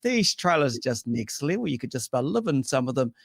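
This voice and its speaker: A man's voice: medium pitch, sing-song, quick pace, vocal fry, dry recording. Male host, matey and chatty, dry sound. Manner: matey, reads out viewer comments. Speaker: podcast host. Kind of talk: casual chat.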